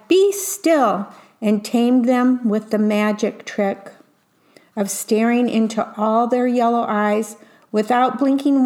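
A woman reading a picture book aloud slowly, pausing to describe each illustration in a gentle storytime manner. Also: on the high side. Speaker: reader.

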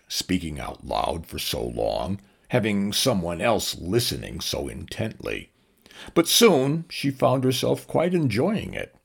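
A man narrating an audiobook in an expressive way, changing his voice for each character. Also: low voice, vocal fry, husky.

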